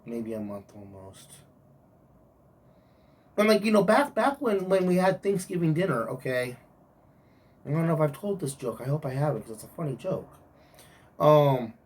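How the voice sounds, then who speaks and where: A man rants into his vlog about a bad coworker, swearing freely as he vents. His voice is husky and a little rough. He sits some distance from the mic. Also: mid-range voice, a little mellow. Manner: angry, profane venting. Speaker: security guard. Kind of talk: vlog rant.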